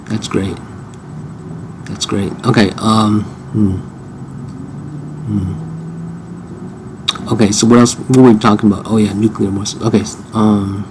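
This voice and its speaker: Halting, sarcastic low-voiced man. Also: slight background noise. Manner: halting, repeats himself, dry sarcasm. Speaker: user questioning an AI assistant. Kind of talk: casual chat.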